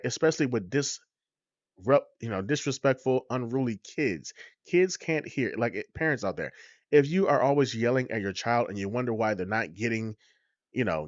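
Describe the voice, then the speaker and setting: Male podcast host, low voice, preachy and repetitive, dull recording. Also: no room sound. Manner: preachy, repeats points, addresses listeners as "y'all". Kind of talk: motivational podcast monologue.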